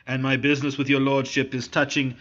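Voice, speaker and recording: Brief: man voicing a veteran bandit captain, calm and measured, muffled audiobook. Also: mid-range voice, lightly acted. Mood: cool. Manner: cool, deliberate. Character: seasoned male bandit chief, cool and deliberate.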